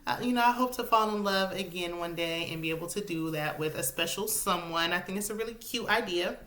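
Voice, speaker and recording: Woman, 30s, sassy recap chatter, bright forceful voice, slightly low pitch. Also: fairly quick. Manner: chatty, sassy, animated with dialect speech. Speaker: reality TV recap vlogger. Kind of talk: casual recap commentary.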